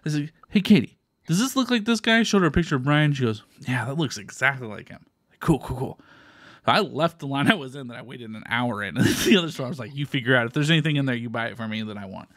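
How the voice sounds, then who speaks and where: A man from Texas tells a story on a podcast in relaxed, profane chat, acting out the voices of the people he quotes. His pitch swings widely as he talks. The recording is close and dry, with no room sound. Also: fast, no room sound. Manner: swearing, lively retelling with quoted voices. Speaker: podcast co-host. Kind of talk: casual chat, animated storytelling.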